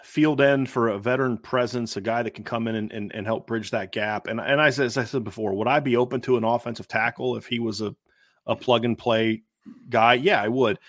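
A man's voice: mid-range voice, fairly even intonation, brisk, no room sound. A man co-hosting a casual sports podcast, emphatic and full of restarts and rhetorical questions, recorded on a close, dry mic. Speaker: podcast co-host, football analyst.

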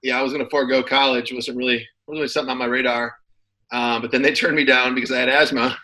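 A man in his thirties recounting his playing days in a laid-back, rambling way, full of fillers and restarts. His voice is bright and forward, sitting at a middle pitch. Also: fast, poor audio. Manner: relaxed storyteller, many fillers and restarts. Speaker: guest, former football player. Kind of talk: casual interview chat.

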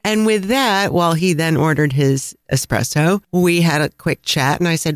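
A man with a Chicago accent, co-hosting a travel podcast and telling a lively anecdote with frequent laughs. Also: fairly high pitch, moderate pace, few pauses, no echo, studio quality. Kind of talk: casual storytelling chat.

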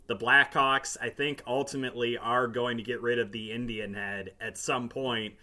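A sports podcast co-host speaking bluntly and sardonically in casual hockey talk, quick to get irritated. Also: male voice, medium pitch, fairly even intonation, bright, forceful tone.

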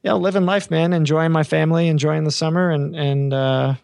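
A man's voice: a little high, fairly even intonation, fairly quick, creaky, a little mellow, no room sound. A man hosting a podcast in casual, rambling chat full of fillers and repeated words. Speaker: podcast host.

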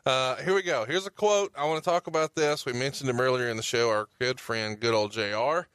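Male host, relaxed, feeds questions to his guest; dry and close. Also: medium pitch, a little fast, smooth, dry recording. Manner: reads quotes and steers questions, easygoing. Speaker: podcast host. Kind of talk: casual podcast hosting.

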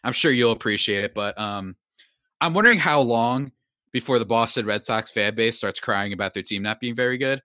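A man's voice: medium pitch, brisk, no room sound, clean studio sound. Rambling, upbeat young male podcast host. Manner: rambling, animated, self-interrupting. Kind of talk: casual sports talk.

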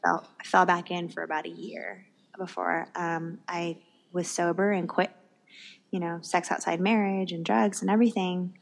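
A woman's voice: lowish voice, level tone, normal speed, creaky. Candid woman sharing her faith testimony. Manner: candid, open and earnest. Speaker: guest.

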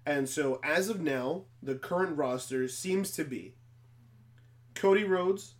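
Man, podcast co-host, casual chat, teasing, interrupts, fairly high voice. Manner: animated, teasing, quick to interrupt.

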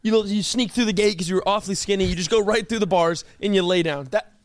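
A young man co-hosting a podcast in casual chat, teasing and swearing with loud exclamations. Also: high-pitched, quick pace, no echo. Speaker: podcast co-host.

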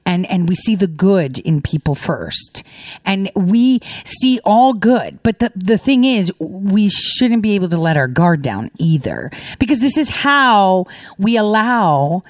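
A middle-aged woman speaks straight to her viewers in an emphatic monologue, circling back to her points again and again. Her pitch rises and falls a lot. The recording is close and dry. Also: very animated, unhurried, dry recording. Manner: emphatic, repetitive, rhetorical questions. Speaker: commentator.

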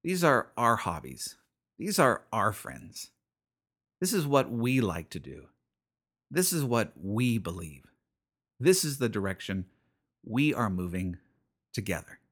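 A man's voice: lowish voice, very animated, unhurried, pauses often, a bit bright. A man hosting a radio show, preaching in an earnest, conversational way and often repeating his phrases. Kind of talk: radio sermon.

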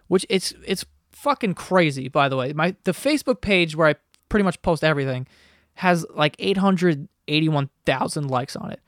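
A man's voice: on the high side, fairly bright tone, dry recording, studio quality. Profane rambling young man podcasting. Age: 20s. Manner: rambling, profane, self-deprecating. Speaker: podcast host. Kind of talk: casual solo podcast chat. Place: basement bedroom at home. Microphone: podcast microphone.

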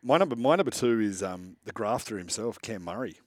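A man's voice: lowish voice, lively intonation, brisk, no room sound. An Australian man co-hosting a sports podcast, agreeable and enthusiastic about his picks. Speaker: podcast co-host. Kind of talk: casual sports chat.

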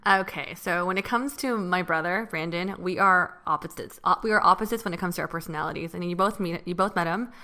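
A woman's voice: on the low side, pushed and bright. A young woman from California in casual chat, talkative and full of filler words. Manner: talkative, lots of fillers, quick asides. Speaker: podcast co-host.

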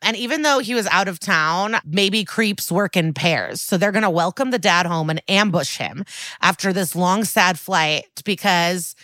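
A woman co-hosting a podcast recaps a crime TV episode in casual, lively chat, quoting the characters and swearing freely. Her voice is lowish and her pace measured, on a dry recording.

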